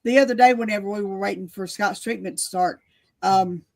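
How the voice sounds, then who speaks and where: A woman's voice: mid-range voice, fairly quick, vocal fry. A woman chatting on a live show, telling a story in a matter-of-fact way. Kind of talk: casual live chat.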